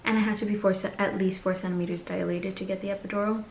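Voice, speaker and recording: Creaky-voiced woman telling a story. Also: medium pitch, fairly even intonation, quick pace, roomy sound, slight background noise. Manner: candid, chatty, acts out quoted voices. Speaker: vlogger. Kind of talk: casual personal storytelling.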